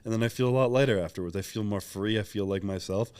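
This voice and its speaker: Man, rapid delivery, slightly low voice, candid interview guest who reflects openly. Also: a little mellow, clear, resonant tone. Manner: candid, reflective, acts out quoted talk. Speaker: podcast guest, pro bodybuilder. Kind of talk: casual interview talk.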